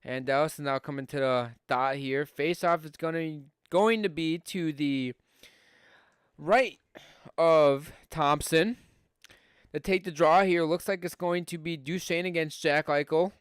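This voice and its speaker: A man's voice: on the high side, a little slow, smooth, no echo, studio quality. A young man from Buffalo with a Western New York accent, a podcast host doing casual live hockey play-by-play on a stream, chatty with fillers and rising on scoring chances.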